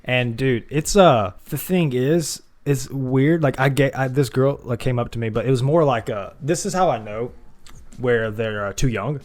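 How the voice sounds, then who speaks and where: A man's voice: mid-range voice, normal speed, a little mellow. A man in his twenties co-hosting a podcast, rambling with lots of hesitations in a casual chat. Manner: rambling, hesitant, laughs often. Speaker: podcast co-host.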